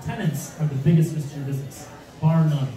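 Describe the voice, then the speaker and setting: Man, animated seminar talk, high voice, distant mic in a very echoey room. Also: a little fast. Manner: animated, rhetorical questions, mock panic. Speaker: real estate investing speaker. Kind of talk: seminar presentation with slides.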